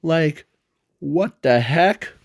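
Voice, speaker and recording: A man's voice: a little high, expressive, drawn-out words, creaky, dry recording, studio quality. A man telling an unscripted fan story in a rambling, hesitant way, full of fillers and self-corrections.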